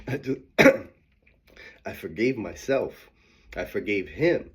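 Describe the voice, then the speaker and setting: Guy giving a blunt pep talk, husky voice, swears a lot, laughs between points. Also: fairly low pitch, animated, slow pace. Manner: candid, emphatic, swears, laughs often; acts out quoted voices of himself and his mom. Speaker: host. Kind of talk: motivational monologue.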